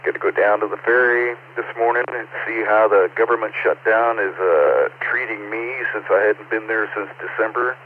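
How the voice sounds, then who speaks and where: A man with a Texan accent checks in on a ham radio net, easygoing and rambling. His voice is fairly low. It comes over a tinny radio link with a faint hiss. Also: moderate pace, hardly any pauses. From Texas. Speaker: caller.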